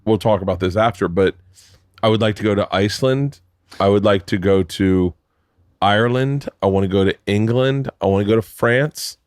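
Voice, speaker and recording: A man's voice: on the low side, moderate pace, darkish tone, no echo, studio quality. A man, a husband and dad, chatting and teasing in a casual family podcast talk at home. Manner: playful, teasing, builds up questions. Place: home room, man cave.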